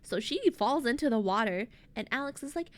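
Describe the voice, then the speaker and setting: Woman VTuber streamer, slightly high voice, casual rambling recap, heavy on fillers and slang. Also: animated, a little fast, a little hiss or hum. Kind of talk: casual chat recapping a story to chat.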